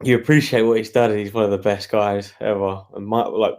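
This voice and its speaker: A young man, a guest fighter, chatting casually in a rambling, relaxed way on a video call. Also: fairly low pitch, a little fast. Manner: relaxed, rambling, laughs while telling stories. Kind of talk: casual interview chat.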